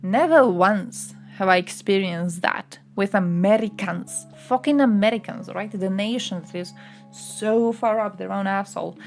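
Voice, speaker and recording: A woman's voice: mid-range voice, measured pace, soft background music. A young woman chatting casually on a livestream, ranting bluntly and swearing often.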